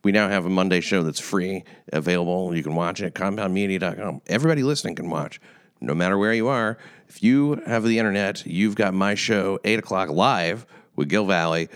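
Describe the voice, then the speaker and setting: A man's voice: low voice, a little fast, smooth, no room sound, studio quality. A man hosting a podcast, chatting about crime news with hesitant, sardonic asides. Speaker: podcast host. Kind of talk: casual crime-news chat.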